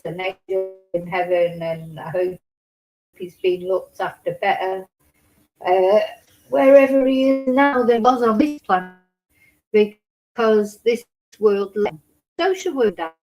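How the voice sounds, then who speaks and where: Woman host for a casual livestream chat. Rambling, emotional delivery with frequent restarts. Medium pitch. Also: darkish tone, poor audio. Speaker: true crime livestream host. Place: home in Spain.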